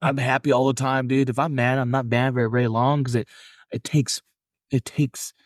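A man co-hosting a casual podcast, talking in a loose, rambling and cheerful way, full of fillers. His voice sits at an ordinary pitch. The sound is dry, with no room around it. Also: level tone, normal speed, no room sound. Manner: rambling, upbeat, lots of fillers. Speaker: podcast co-host. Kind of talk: casual chat.

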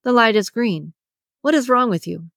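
A woman's voice: a little high, expressive, normal speed, vocal fry, a bit bright, no echo, pitched above the performer's own voice. Cocky wisecracking guy read by a woman, nosy, teasing, audiobook character, dry sound. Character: cocky, teasing male employee.

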